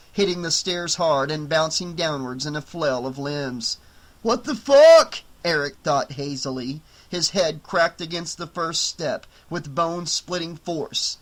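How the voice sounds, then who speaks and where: A man narrating an audiobook in a steady, even storytelling voice. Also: a little high.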